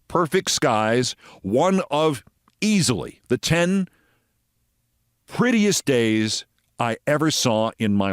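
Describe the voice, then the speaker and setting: A man's voice: medium pitch, no room sound, clean studio sound. A man from New York, hosting a scripted political commentary show in a sarcastic, theatrical manner. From New York, USA.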